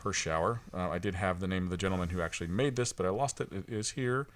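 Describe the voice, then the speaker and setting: A man's voice: low-pitched, fast. A man co-hosting a casual podcast, talking in a laid-back, jokey way. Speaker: podcast co-host. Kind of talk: casual chat.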